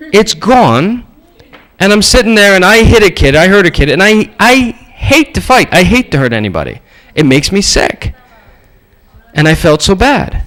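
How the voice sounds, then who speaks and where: A man preaching in a storytelling way, with a voice pitched somewhat high for a man. His tone rises and falls a great deal, and he acts out the people in his stories. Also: sing-song, measured pace, fairly bright tone, poor audio. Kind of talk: storytelling sermon.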